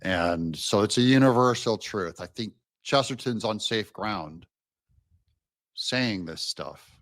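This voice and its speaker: A man's voice: lowish voice, expressive, takes it slowly, a bit bright, dry recording. A man on a podcast, musing reflectively about a book's ideas. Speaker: podcast guest. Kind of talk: casual book discussion.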